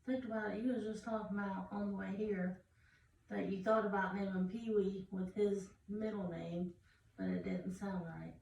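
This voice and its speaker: A woman at a family reading, prompting a relative and nudging his memory. Her voice has a gravelly edge, and she sounds far from the mic in an echoey room with faint noise. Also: medium pitch, steady tone, normal speed, darkish tone. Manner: prompting, reminding others.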